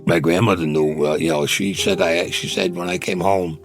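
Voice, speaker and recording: A low-pitched man speaks at normal speed with fairly even intonation, over music. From Brooklyn, New York, the Vietnam veteran is interviewed about his war stories, which he tells bluntly in gruff street talk while acting out the dialogue.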